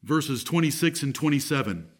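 A man's voice: fairly high pitch, lively intonation, normal speed. A man preaching a sermon as pastor, reading scripture aloud with strong emphasis.

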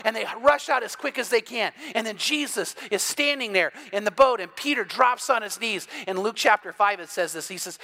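A man preaching an evening sermon as pastor, retelling scripture in a lively storytelling way and growing loud and emphatic at key points. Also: high voice, fairly quick, vocal fry. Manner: builds from quiet to loud, emphatic.

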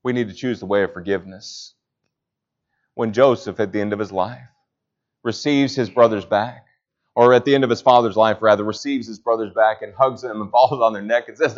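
A man preaching a sermon, rising to loud emphatic peaks and then dropping low. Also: fairly even intonation, a little fast. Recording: slightly dull lo-fi sound.

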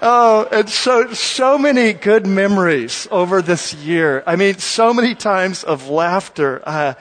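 A male pastor telling a story to his congregation at a church service, animated and chatty with frequent uhs. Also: sits high, unhurried.

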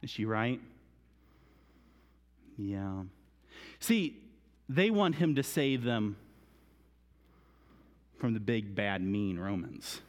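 A man giving a children's sermon in a church, swinging between hushed whispers and excited exclamations, with a reverberant hall sound. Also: on the low side, extremely slow, pauses often. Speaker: children's minister.

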